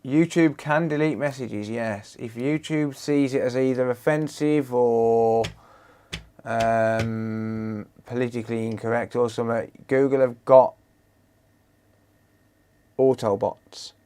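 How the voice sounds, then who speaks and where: A man's voice: mid-range voice, slow pace, slight background noise. A man repairing consoles on a live stream, chatting casually and joking with his viewers. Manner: relaxed, joking, chats with viewers. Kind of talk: casual livestream chat while working.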